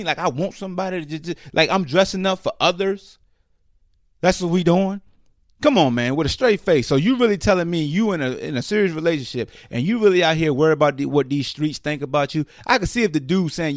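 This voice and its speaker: Animated man ranting on a podcast. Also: a little high, a little fast, no echo, studio quality. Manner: animated, incredulous, slangy ranting with mocking quoted voices. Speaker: podcast host. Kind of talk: casual commentary rant.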